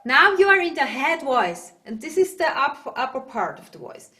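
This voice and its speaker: A woman with a Swiss German accent teaching yodel online, explaining in halting English and breaking into loud calls and dog barks. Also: sits high, very animated. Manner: halting, searches for words. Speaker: yodel instructor. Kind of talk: online singing lesson. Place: home, video call.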